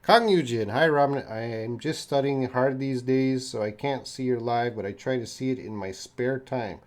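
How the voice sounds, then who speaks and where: A man from Canada teaching English on a live stream, answering viewers' chat questions patiently and slowly with many pauses. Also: medium pitch. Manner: slow, patient, repeats student names and pauses with uh; drinks tea while talking to the camera.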